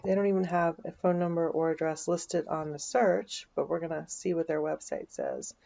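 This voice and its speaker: A woman's voice: deep voice, lively intonation, normal speed, vocal fry, mellow, lo-fi sound. A woman vlogger, chatting casually as she walks through a search on her screen, thinking aloud with dry asides. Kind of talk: casual screen-share walkthrough.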